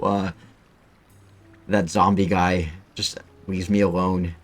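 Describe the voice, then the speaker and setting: A man's voice: deep voice, level tone, slow pace, faint music behind. A man giving rambling, casual gameplay commentary, cursing freely as he plays. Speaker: streamer.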